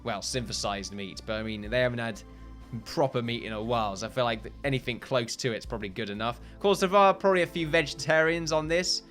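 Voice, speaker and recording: A man's voice: medium pitch, steady tone, fast, a bit bright, soft background music. A man hosting a let's play video, rambling and joking and often laughing at himself as he talks. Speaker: gaming video host.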